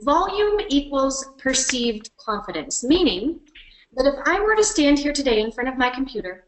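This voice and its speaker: High-voiced, energetic woman coaching presenters. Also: normal speed, roomy sound, poor audio. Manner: energetic and emphatic, varies speed and loudness to demonstrate. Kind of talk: instructional webinar workshop. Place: at her computer on a web call.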